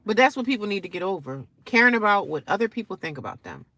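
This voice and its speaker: A woman in her forties vlogging straight to her viewers, defiant and sarcastic, jumping from loud outbursts to low mutters. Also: sing-song, fast, no room sound. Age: 40s. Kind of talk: casual direct-to-camera rant.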